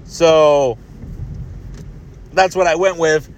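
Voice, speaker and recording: A male podcast host telling a personal story in a chatty, animated way, swearing freely. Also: a little high, extremely slow, a little hiss or hum. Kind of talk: casual storytelling.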